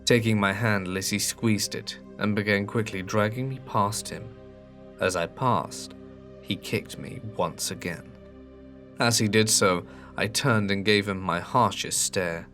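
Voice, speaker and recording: A man narrating a horror story in a measured, scripted way, slowing at tense moments. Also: on the low side, steady tone, fairly bright tone, soft background music.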